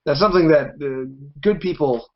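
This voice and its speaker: A man's voice: on the high side, normal speed, dull audio. A man hosting a casual interview, eager and fanboyish about his guest. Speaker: podcast host.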